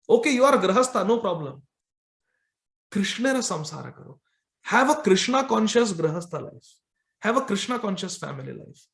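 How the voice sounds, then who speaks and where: A high-pitched man delivers a devotional sermon, pressing his points hard and circling back to the same phrases again and again. He stretches out the chanted verses slowly, and his voice rings around an echoey temple room. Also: big pitch swings, a bit bright. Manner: emphatic and repetitive, drawing out recited verses slowly. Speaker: preacher. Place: temple hall.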